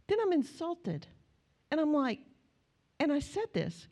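Woman preaching a lively, conversational sermon. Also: sits high, measured pace, pauses often. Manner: storytelling, conversational, rising to emphatic repetition.

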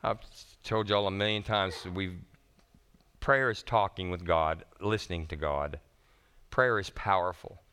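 A man preaching a sermon as pastor, animated and folksy, talking casually to his congregation. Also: sits low, a little slow, clean tone.

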